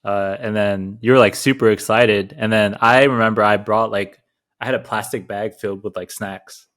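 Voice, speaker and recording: Laid-back young man with a low voice. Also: steady tone, normal speed, fairly bright tone. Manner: laid-back storyteller, heavy slang and swearing, frequent laughter. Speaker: podcast co-host. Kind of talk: casual chat.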